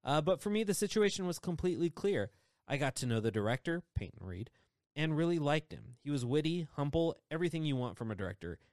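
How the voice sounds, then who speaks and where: A man putting on a dry, offhand older male movie star, drawling and deadpan. The podcast recording is close and dry, with no room sound. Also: fairly high pitch, fast, dry recording. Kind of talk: celebrity impression in podcast chat.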